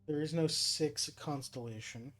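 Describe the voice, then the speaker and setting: Slow, puzzling male game streamer. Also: fairly high pitch, a bit bright. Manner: muttering, puzzling over clues, reading text aloud. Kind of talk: thinking aloud while playing a puzzle game.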